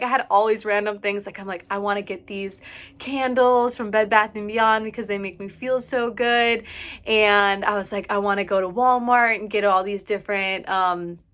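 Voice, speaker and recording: A young woman talks straight to the camera in a loose, chatty way, leaning on "like" and stopping now and then to sigh or laugh. She sounds a little out of breath, and her voice sits at an ordinary middle pitch for a woman. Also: a bit bright. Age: young adult. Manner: chatty, fills with "like", sighs and laughs. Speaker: vlogger. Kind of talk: casual advice talk to camera.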